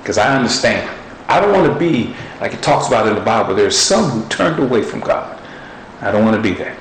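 A man's voice: on the low side, sing-song, fairly quick, slight background noise. A man preaching a sermon in an earnest, conversational storytelling way. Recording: roomy echo with faint ambience.

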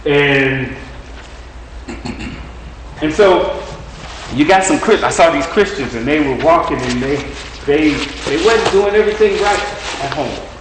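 A man's voice: fairly high pitch, lively intonation, a little slow, pauses often. A male preacher giving a folksy, repetitive, encouraging sermon. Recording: very echoey room, distant mic, faint noise.

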